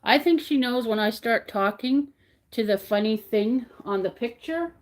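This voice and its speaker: A woman's voice: a little high, animated, unhurried. A middle-aged woman, chatting casually on her crochet livestream and greeting viewers by name as she reads the chat. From Canada.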